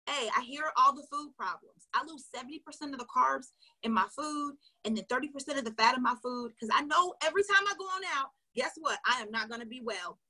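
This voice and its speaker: A woman coach retells a sales call to her viewers and acts out each part of the dialogue. Her voice is high and bright, with a husky edge. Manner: animated, acts out dialogue, addresses viewers directly. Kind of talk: storytelling lesson to viewers.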